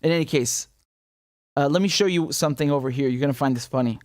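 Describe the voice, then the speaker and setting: A man's voice: medium pitch, fast, no echo, clean studio sound. A man from Syria hosting a casual livestream of political commentary, chatty, with frequent laughs and lots of fillers and restarts.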